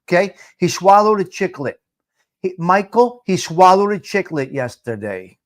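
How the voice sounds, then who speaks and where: A man's voice: sits high, very animated, a little slow. A middle-aged man hosting a casual live chat, teasing viewers, repeating himself and dropping Italian phrases. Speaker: livestream host.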